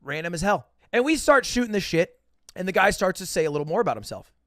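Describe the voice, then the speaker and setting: Animated high-voiced man telling a story. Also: fast talker, no room sound, clean studio sound. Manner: animated, profane, self-mocking. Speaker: podcast host telling a story. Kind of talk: casual storytelling.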